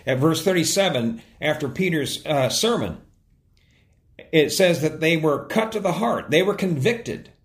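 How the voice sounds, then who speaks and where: A man delivering a church sermon in a somewhat high voice that swings widely in pitch as he tells stories and teaches. He stumbles into small restarts now and then, keeping an easy, talking-to-the-congregation feel. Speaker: pastor.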